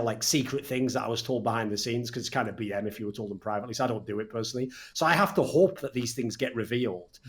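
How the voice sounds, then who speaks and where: A man hosting a casual esports podcast, animated and swearing freely, often mimicking other people. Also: mid-range voice. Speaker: podcast host.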